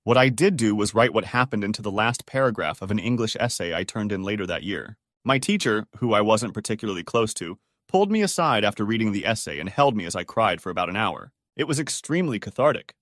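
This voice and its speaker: A man narrating a string of reader-submitted stories as a scripted read, in a steady, even storytelling manner. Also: on the low side, fast talker, hardly any pauses, no echo, clean studio sound.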